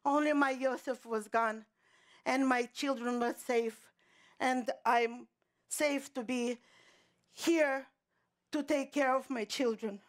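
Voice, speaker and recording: A woman acting a middle-aged mother who survived a pogrom, speaking in a halting stage monologue full of restarts and repeated words. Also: sits high, fairly even intonation. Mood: desperate. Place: theater stage.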